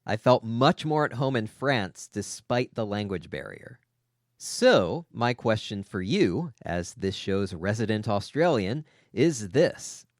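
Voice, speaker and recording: A man's voice: lowish voice, big pitch swings, slow, no room sound, studio quality. An American man hosting a casual discussion, asking long, articulate questions. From United States. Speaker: host.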